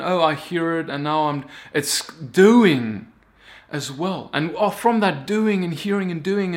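A man preaches in an easygoing, conversational way, his voice sitting somewhat high for a man. He often restarts his phrases, then climbs into loud, fervent stretches before settling back down. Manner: earnest, builds to loud impassioned peaks, many restarts. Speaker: teacher of the weekly Torah portion. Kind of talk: casual sermon.

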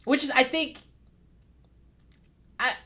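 Woman vlogger, higher-pitched, blunt and swearing, chatty TV reaction commentary. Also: slow. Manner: candid and profane, with lively asides.

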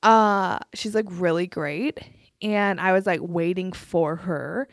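A woman's voice: lowish voice, slow pace, no echo, studio quality. A young woman co-hosting a podcast in casual chat, talking in a rambling way, filling her talk with "like" and laughing often. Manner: chatty, heavy use of "like", laughs often. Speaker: podcast co-host. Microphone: podcast microphone.

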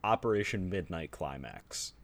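A man's voice: deep voice, very animated, normal speed. A man co-hosting a podcast, reacting with jokes and profanity. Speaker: podcast co-host.

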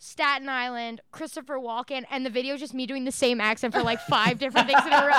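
Woman podcast cohost, kinda high voice, animated, laughs a lot. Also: fast, few pauses, a loud crowd. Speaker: podcast co-host. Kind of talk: casual podcast chat.

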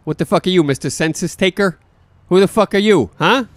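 An actor playing a brash, foul-mouthed man who boasts loudly and shouts curses. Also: sits high, fairly quick, no room sound, close to an everyday voice. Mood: belligerent. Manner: loud, profane, escalating shouts.

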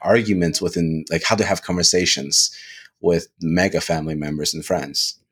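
A man talking casually on a podcast, animated, restarting phrases and often asking "right?". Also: deep voice, normal speed. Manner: animated, repeats words, lots of "right?". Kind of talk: casual discussion.

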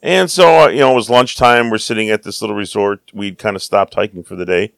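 An American man casually telling a story about his travels, lively, acting out the people he quotes. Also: lowish voice, fast, vocal fry, no echo. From United States. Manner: animated, acts out quoted voices.

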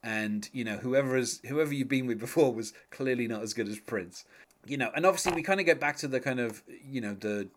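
Chatty wry English man. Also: a little fast. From England. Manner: chatty, wry, laughs often, quotes lyrics in a low murmur. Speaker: podcast co-host. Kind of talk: casual chat about music.

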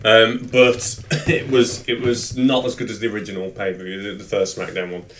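A man's voice: fairly low pitch, little pitch movement, moderate pace, a bit bright, slight background noise. A man co-hosting a wrestling podcast in casual chat, rambling and joking, with lots of ums and restarts. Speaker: podcast co-host.

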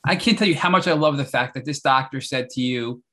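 A man's voice: medium pitch, a little fast, fairly bright tone. A man hosting an interview, recapping the guest's story and asking eager follow-up questions. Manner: enthusiastic, apologetic interruptions, recapping. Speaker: podcast host.

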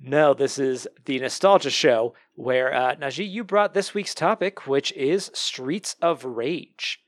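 A man's voice: mid-range voice, slow pace, dry recording. A man hosting a podcast in casual chat, upbeat and jokey, laughing easily. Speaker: podcast host.

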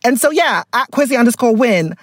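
A woman's voice: on the high side, animated, brisk, no echo. Woman hamming up a mock British accent. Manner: playful put-on British accent, giggly and rambling. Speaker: podcast host. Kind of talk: casual podcast chat.

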